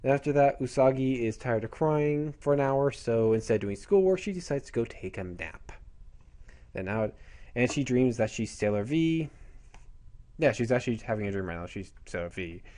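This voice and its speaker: A man's voice: medium pitch, animated, moderate pace, mellow. A man casually recapping a comic chapter as a reviewer, in a rambling, chatty way.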